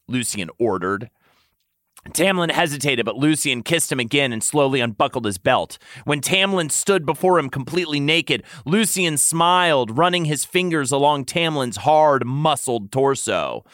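Man narrating with a lively lilt. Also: medium pitch, moderate pace, no echo, studio quality. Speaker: podcast host. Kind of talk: dramatic comedic narration.

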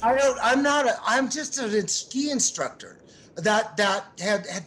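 A man calling in as a podcast guest, halting and philosophizing, repeating his words. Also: high voice. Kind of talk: casual call-in chat. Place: online voice call.

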